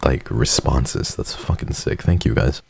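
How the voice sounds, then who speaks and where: Deep husky-voiced male streamer. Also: lively intonation, unhurried, darkish tone, no echo. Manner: joking, profane, laughs often. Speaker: streamer host. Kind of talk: casual stream chat.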